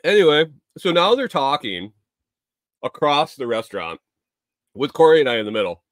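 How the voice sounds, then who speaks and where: Profane, animated male vlogger. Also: a little high, moderate pace, no room sound, clean studio sound. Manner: profane, rambling, exasperated. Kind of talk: casual storytelling.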